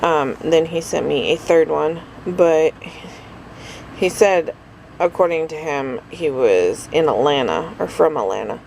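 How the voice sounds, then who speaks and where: A woman's voice: low voice, unhurried, gravelly, a little mellow, a little hiss or hum, low-quality recording. A tired middle-aged woman rambling through a casual daily vlog, full of fillers and asides. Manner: rambling, chatty, lots of fillers. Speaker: vlogger.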